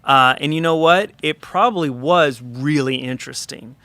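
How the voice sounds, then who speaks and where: A man with a bright, crisp voice recounts a studio anecdote as a podcast guest. He talks in a chatty, animated way, leaning on fillers and asides as he goes. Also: a little high, moderate pace, no room sound. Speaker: record producer guest. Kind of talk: casual storytelling in a podcast interview.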